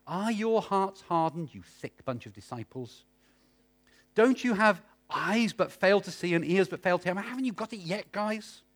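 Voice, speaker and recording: A man's voice: high-pitched, expressive, moderate pace, voice pushed down. A preacher voicing Jesus as an exasperated teacher who chides his followers with rhetorical questions. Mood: chiding. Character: Jesus, a patient yet exasperated male teacher.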